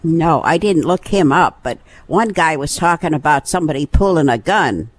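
A man's voice: on the high side, expressive, normal speed, no room sound. A man as a regular on a casual podcast, talking in an earnest, prim, mock-shocked way. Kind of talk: casual chat.

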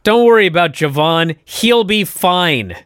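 A man co-hosting a casual wrestling podcast, telling a story and acting out the quotes with lively swings. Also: sits high, a little slow, clean tone, no echo, studio quality. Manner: animated storytelling, acts out quotes. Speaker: podcast co-host.

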